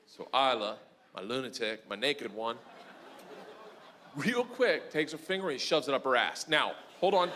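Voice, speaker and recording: A man performing stand-up comedy on stage into a handheld mic, loud and animated, laughing through his lines. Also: mid-range voice, measured pace. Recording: noisy live comedy club.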